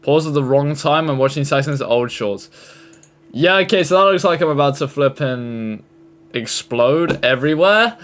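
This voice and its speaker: A man's voice: on the high side, lively intonation, normal speed, fairly bright tone. A man reacting to fan-made clips in casual commentary, joking, exasperated and crude.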